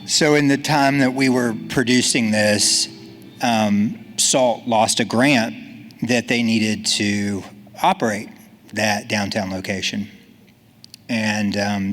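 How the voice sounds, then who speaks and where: A man's voice: on the low side, steady tone, slow, a bit bright. Earnest man giving a conference talk. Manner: earnest, casual and encouraging. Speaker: conference speaker.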